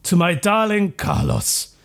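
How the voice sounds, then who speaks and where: A man playing a tabletop game, excitable and laughing as he describes his character. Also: sits high, a little slow. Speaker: player. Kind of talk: casual tabletop game play.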